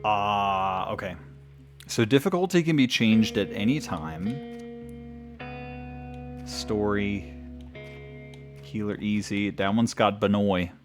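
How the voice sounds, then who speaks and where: A man's voice: lowish voice, slow, pauses often, music in the background. A man streaming a video game, giving rambling casual commentary and chuckling often.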